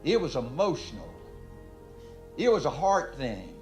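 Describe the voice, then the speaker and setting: An older man giving a motivational speech, folksy and emphatic, building up to near-shouts. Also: medium pitch, huge pitch swings, measured pace. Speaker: motivational speaker. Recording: speech with music underneath.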